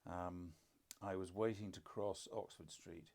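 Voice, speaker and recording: A man's voice: low-pitched, steady tone, a little slow, gravelly, darkish tone. An older man, a podcast co-host and father, telling stories in casual conversation with dry, self-deprecating humour.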